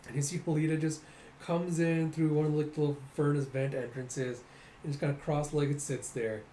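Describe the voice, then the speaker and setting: A man's voice: fairly high pitch, level tone, normal speed, warm tone. Young man casually retelling a comic. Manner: loose, rambling, lots of "he's like". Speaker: comic readthrough host. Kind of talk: casual comic readthrough narration. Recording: echoey room, faint noise.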